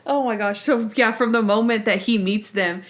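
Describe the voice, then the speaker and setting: A young woman co-hosting a podcast, chatting casually, laughing often and acting out scenes in quick put-on voices. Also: on the high side. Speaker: podcast co-host. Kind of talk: casual chat.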